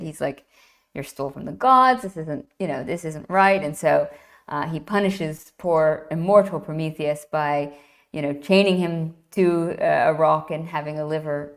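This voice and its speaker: A woman guest retelling an ancient myth in lively, enthusiastic conversation, often restarting her phrases. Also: sits low. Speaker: guest, classics writer. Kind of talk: animated myth storytelling in conversation.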